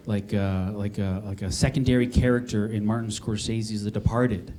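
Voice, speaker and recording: A man's voice: lowish voice, steady tone, normal speed, hardly any pauses, a little hiss or hum. A middle-aged man from Maine doing a stand-up comedy set, self-mocking and talking to the crowd. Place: comedy club stage. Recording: live club set with loud audience laughter. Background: audience laughing.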